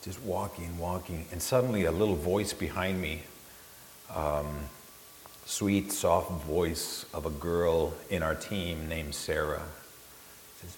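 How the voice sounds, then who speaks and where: A man telling an animated, self-mocking story about a grueling trek to an audience. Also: sits low, slow pace. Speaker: storyteller recalling a trip. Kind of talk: spoken anecdote to an audience. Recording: echoey hall, faint hiss.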